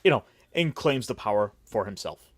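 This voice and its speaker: A man's voice: on the low side, expressive, moderate pace, no echo. A man hosting a casual roundtable chat, recapping with wry, mocking asides. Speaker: podcast host.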